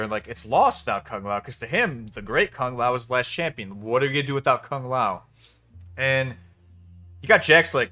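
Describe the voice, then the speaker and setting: Animated, exasperated man ranting about a film. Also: medium pitch. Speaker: movie reviewer. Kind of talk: casual spoken film review.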